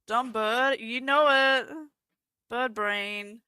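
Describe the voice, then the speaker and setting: A woman's voice: high-pitched, slow pace, bright, forceful tone, clean tone, no echo. A young Australian woman, stoned, chatting crudely with her stream chat and swearing freely.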